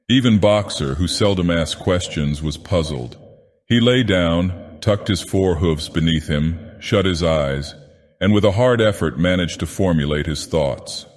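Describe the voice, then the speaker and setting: A man narrating an audiobook in character as an ancient menacing god-villain, with a grave, deliberate delivery. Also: sits low. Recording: long hall reverb.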